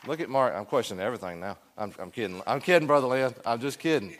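This man's voice sits at a middle pitch, with lively intonation and a fast delivery. Teaching Sunday school in a church classroom, he keeps questioning the room and joking in a folksy manner.

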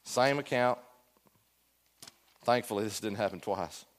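A man's voice: on the low side, unhurried. Folksy man teaching a Sunday school class. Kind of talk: Bible class teaching with questions to the room. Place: church classroom.

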